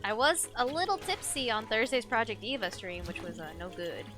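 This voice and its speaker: A young woman live-streams a game, chatting playfully with her chat and laughing often, with faint game music behind her. Her voice is a little high and fairly bright, very animated at a moderate pace.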